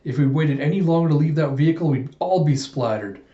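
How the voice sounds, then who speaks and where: A man's voice: a little high, fairly quick, mellow, roomy sound, muffled recording, close to an everyday voice. A man voicing a cocky young male drifter with a wry drawl.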